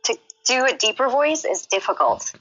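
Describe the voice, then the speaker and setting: Hoarse woman co-host, high bright voice, giggly, lo-fi voice chat. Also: sing-song, moderate pace. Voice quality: high-pitched soprano voice. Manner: giggly, laughs often. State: sore throat. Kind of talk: casual chat on a game stream. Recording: dull lo-fi voice chat audio.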